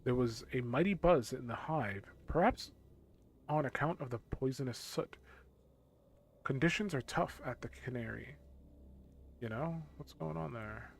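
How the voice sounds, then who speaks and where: Weary game guardsman voiced by a man, gravelly, grumbling, middle pitch. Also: measured pace, long pauses, a little hiss or hum. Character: weary, gruff male town guardsman.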